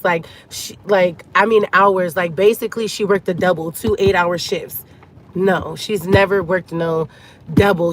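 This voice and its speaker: A hurt woman vents to her viewers in a storytime vlog, calling them girl and sis as she talks. She sounds upset and close to tears, and faint traffic hums behind her. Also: fairly low pitch. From Cuban family. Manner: venting, talks to viewers as girlfriends. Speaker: vlogger.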